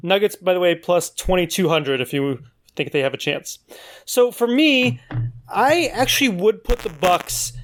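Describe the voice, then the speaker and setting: A man's voice: sits high, animated, unhurried, fairly bright tone. A man co-hosting a sports talk show, assertively laying out odds and arguments. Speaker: co-host. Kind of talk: casual sports debate.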